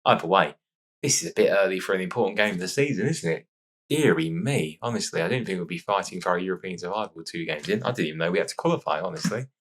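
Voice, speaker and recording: Casting note: low-voiced male let's-player, chatty and excitable, slightly stuffy from sneezing. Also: fast talker. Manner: chatty, excitable reacting to match play. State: sore nose after sneezing fit. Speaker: gaming YouTuber. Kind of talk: casual let's-play commentary.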